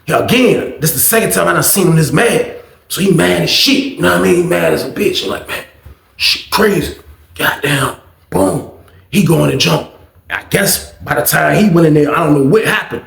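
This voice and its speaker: Animated, profane man telling a story. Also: on the high side, brisk, creaky, reverberant. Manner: profane, animated, repeats "you know what I mean". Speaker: storytelling vlog host. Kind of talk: casual storytelling.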